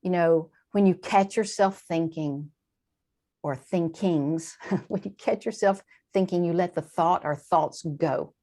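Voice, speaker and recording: A woman with a slightly low voice talks through ideas in a relaxed interview. She explains with animated asides, jumping up in pitch on quoted lines and then settling back down. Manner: animated, warm-hearted explaining with quick asides and laughs. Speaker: translator and guest. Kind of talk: conversational interview.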